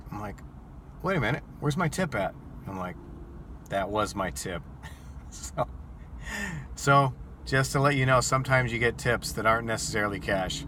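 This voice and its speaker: A man's voice: on the low side, pushed and bright, a little hiss or hum. A man who drives rideshare, telling a story casually to camera and acting out his own shocked reactions.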